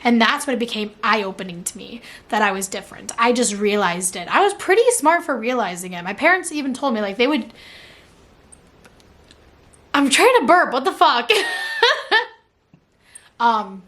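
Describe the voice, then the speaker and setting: Chatty young woman, slightly high voice. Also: animated, moderate pace, a bit bright. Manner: chatty, filler-heavy with frequent "like"; laughs at herself mid-sentence. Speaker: vlogger answering viewer questions. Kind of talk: casual chat.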